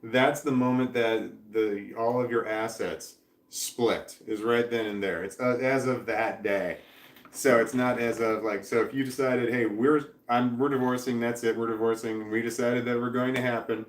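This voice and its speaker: A man's voice: medium pitch, steady tone, normal speed, a little hiss or hum. A middle-aged man from Missouri chatting on a live stream, reading viewer comments and rambling with many restarts in a self-deprecating, droning way. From Missouri, USA. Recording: echoey room.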